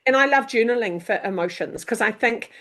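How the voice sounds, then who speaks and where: A middle-aged woman, a coach and author chatting as a podcast guest, animated and quick to act out what people say. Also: fairly high pitch. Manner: lively, animated, acts out quoted voices, mild swearing. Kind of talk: casual podcast chat.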